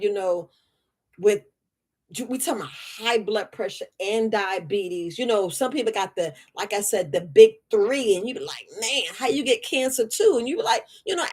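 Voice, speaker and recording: A woman hosts a casual livestream as an herbalist. She talks in an animated, chatty way, restarting her phrases and throwing asides to her viewers. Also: a little high. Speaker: herbalist host. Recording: phone on a livestream.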